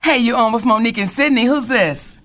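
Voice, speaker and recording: Lively, emotional woman co-hosting a call-in show. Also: fairly high pitch. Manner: lively, emotional, quick to laugh. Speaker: talk show co-host.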